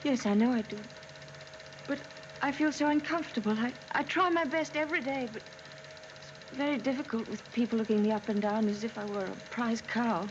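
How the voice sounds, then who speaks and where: An actress plays a nervous young bride with a fairly high voice, stammering and apologetic. Her lines come out hesitant and timid. There is clear hiss under a muffled old film soundtrack. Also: a little fast, lightly acted. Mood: anxious. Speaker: lead actress in film drama. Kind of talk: 1940s film acting.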